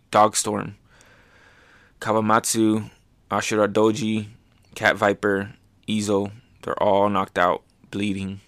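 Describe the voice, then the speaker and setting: Host, male, low voice, dry close sound, excitable manga recap. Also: no echo. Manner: excited, often dropping soft. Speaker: podcast host.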